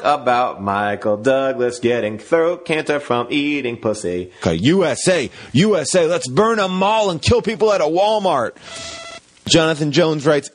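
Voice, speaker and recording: Joking man with a lively, swinging voice. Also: moderate pace, no room sound. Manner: joking, sarcastic, with sudden swings of pitch. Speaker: podcast host. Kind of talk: comedic Q and A segment.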